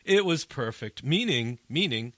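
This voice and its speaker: A man hosting a casual podcast chat, telling an animated story that climbs high at the funny parts. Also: a little slow, dry recording. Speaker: addiction interventionist, podcast host.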